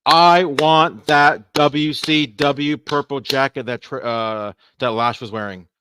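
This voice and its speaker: A man's voice: mid-range voice, slow, clear, resonant tone, dry recording. Chatty man with a dry, close sound. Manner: animated, rambling, stammering. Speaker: podcast co-host. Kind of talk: casual podcast chat.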